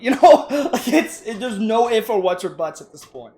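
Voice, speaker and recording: A man's voice: high-pitched, moderate pace, hardly any pauses. Profane man ranting about work. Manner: ranting, profane, animated storytelling. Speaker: gaming YouTuber. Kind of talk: casual rant over gameplay.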